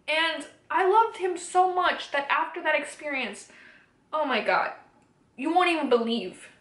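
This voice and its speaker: A woman's voice: sits high, a little slow, a bit bright. A young woman vlogger telling a personal story to camera, candid and emotional, swearing freely. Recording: roomy echoey room.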